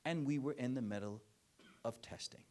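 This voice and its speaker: Animated male keynote speaker. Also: medium pitch. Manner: animated storytelling, acts out parents and children in quick voices; emphatic, repetitive rhetorical phrasing. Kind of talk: keynote speech with audience Q&A.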